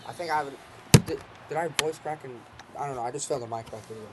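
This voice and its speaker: A young man casually commenting on a football video game he is playing, joking and swearing with bursts of excitement. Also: medium pitch, fast, background noise. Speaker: gaming channel host.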